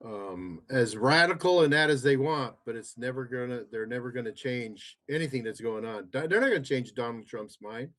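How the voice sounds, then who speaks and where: A man's voice: mid-range voice, moderate pace, few pauses, a bit bright. A man co-hosting a podcast in a studio, chatting casually and making emphatic, jokey remarks. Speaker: podcast co-host. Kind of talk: casual political chat.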